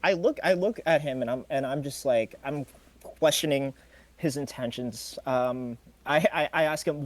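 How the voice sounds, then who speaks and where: A man's voice: medium pitch, moderate pace. A man playing a tabletop game, restarting his sentences and swearing often. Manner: stammering restarts, frequent swearing. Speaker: player.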